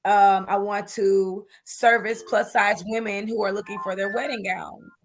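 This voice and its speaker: Woman, chatty interview guest, lively storyteller, says honey, many fillers. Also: mid-range voice, measured pace, music in the background. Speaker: guest entrepreneur. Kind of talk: animated interview talk.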